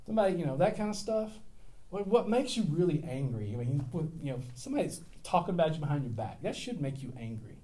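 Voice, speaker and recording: A man's voice: a little high, sing-song, fast, warm tone. A middle-aged male pastor preaching a sermon in a casual, storytelling way, with self-deprecating humor and big swings in volume.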